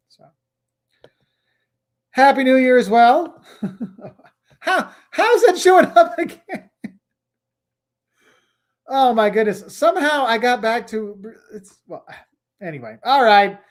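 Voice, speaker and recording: Middle-aged male host, fairly high voice, loose conversational delivery, drifts between viewer questions. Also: a bit bright. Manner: chatty, rambling, reads viewer comments aloud. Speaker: travel livestream host. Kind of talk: casual livestream Q&A.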